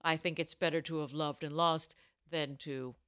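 A woman's voice: low voice, fairly even intonation, normal speed, fairly bright tone, clean tone, no echo, clean studio sound. A young woman co-hosting a podcast, chatting casually and telling anecdotes with frequent laughter. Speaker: podcast co-host. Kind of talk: casual chat, storytelling.

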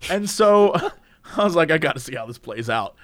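A man's voice: fairly high pitch, expressive, normal speed, fairly bright tone. A man telling a funny story in a casual chat, laughing often and acting out the people he quotes. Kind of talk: casual anecdote.

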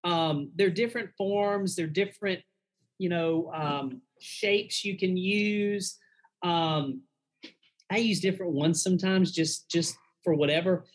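Frank, husky-voiced male pastor. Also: high voice, slow pace, low-quality recording. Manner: frank, earnest, plainspoken. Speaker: pastor and guest. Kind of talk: casual conversational advice.

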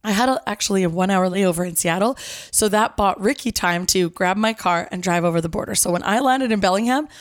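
A young woman hosting her own podcast tells a wild story in a chatty, animated way. She says "like" a lot and acts out each person she quotes. Her voice sits in a middle register and sounds close and dry, with no room behind it. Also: medium pitch, quick pace, no echo. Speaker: podcast host. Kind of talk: casual storytelling.

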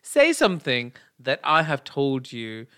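Here is a man co-hosting a chatty podcast, camp and theatrical, needling his partner. His tone is bright and forceful, never dull. He jumps between jokes and mock outrage. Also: mid-range voice, huge pitch swings, unhurried, smooth, dry recording, studio quality. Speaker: podcast co-host. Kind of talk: casual banter.

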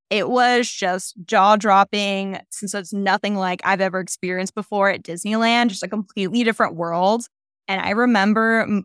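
A woman's voice: medium pitch, a bit bright, smooth, no room sound, studio quality. A woman who is a podcast guest, chatting casually in a bubbly, gushing way.

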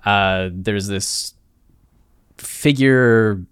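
A male podcast co-host in casual chat, spinning a story in a playful, rambling way. His voice sits on the low side. The sound is dry and close to the mic. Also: extremely slow, clear, resonant tone, no echo.

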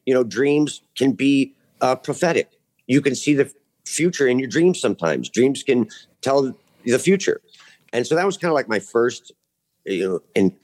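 Male podcast guest, earnest and rambling, ordinary pitch, studio chat. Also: a little mellow. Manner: earnest, rambling, many restarts. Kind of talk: casual chat.

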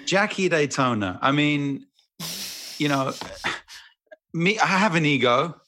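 A man with a British accent co-hosting a casual podcast, teasing and jokey, with quick asides and impressions. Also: a little high, expressive, bright, forceful tone, a little hiss or hum. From Britain. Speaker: podcast co-host.

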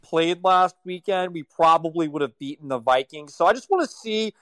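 A man's voice: fairly high pitch, expressive, normal speed, fairly bright tone, no echo. A man on a sports chat panel, giving his opinions with stammered restarts and a worried tone.

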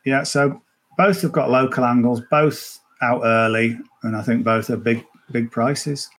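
In an easygoing podcast chat, a man lays out his golf wagers at a slightly slow pace. His voice is middle-pitched with a touch of brightness, and he rambles, returning again and again to the same points.

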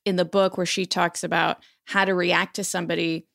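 A woman hosting a conversation, chatty and quick to laugh as she walks through a list of points. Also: lowish voice, little pitch movement, gravelly, a bit bright. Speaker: host. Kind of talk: casual podcast conversation.

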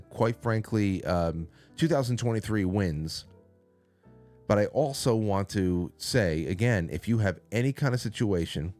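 A man's voice: lowish voice, darkish tone. A man hosting a casual call-in stream from a studio, rambling and reading out chat names. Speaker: call-in show host. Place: small studio. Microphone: studio mic.

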